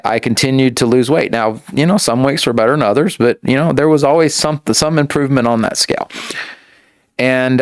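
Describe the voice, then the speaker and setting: A man as a podcast guest in casual conversation, earnest and talking in halting, repeated starts. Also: mid-range voice, clean tone, dry recording, clean studio sound.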